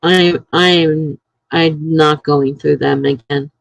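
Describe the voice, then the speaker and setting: A middle-aged woman chats casually on a live stream from home. She talks slowly, telling stories and acting out the lines other people said. Her voice sits close and dry, with no room sound around it. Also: low-pitched, fairly even intonation, gravelly, no echo, rough recording. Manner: storytelling, acting out what others said. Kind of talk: casual chat.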